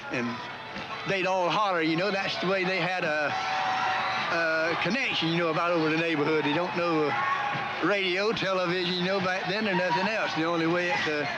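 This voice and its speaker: Older farmer over loud outdoor noise. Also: male voice, fairly high pitch. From North Carolina. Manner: rambling, fillers of "you know". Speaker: farmer and hollering contestant. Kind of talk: casual documentary interview.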